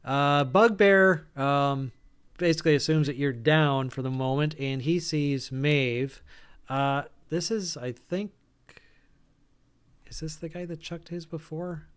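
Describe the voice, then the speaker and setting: A man narrating as game master of an online tabletop game, relaxed and hesitant, with many fillers and restarts. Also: fairly high pitch, slow pace, clean tone.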